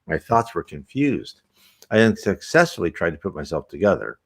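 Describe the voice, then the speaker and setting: A man's voice: low-pitched, big pitch swings, normal speed, creaky, breathy edge, heavily acted. Bewildered spirit of a dead man, read by a man. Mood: insistent. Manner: bewildered, pleading.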